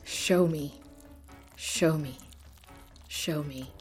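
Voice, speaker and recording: Woman narrator doing a low-voiced, feral, pain-hungry girl; manic and eerily calm by turns. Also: slow pace, soft background music. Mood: whispered taunting. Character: feral bloodthirsty young girl who cannot feel pain.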